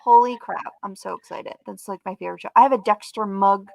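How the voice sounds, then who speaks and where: A woman co-hosting a live talk show, chatting in an animated, casual way and swearing and laughing easily. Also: mid-range voice, brisk, creaky, slight background noise. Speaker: co-host. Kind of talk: casual chat.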